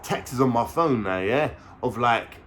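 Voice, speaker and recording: A man in his thirties with a London accent, telling a story to his viewers in a casual, slangy way, full of swearing and asides, his voice often dropping low and quiet before bursting back up. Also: animated, unhurried, slight background noise. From England. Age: 30s. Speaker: vlogger.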